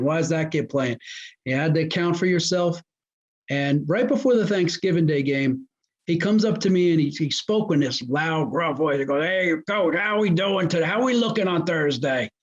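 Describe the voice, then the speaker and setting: A man's voice: a little high, normal speed. Man telling coaching stories. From New Jersey. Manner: animated storyteller who acts out quoted dialogue. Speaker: guest, former high school football coach. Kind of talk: casual storytelling interview. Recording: muffled lo-fi audio.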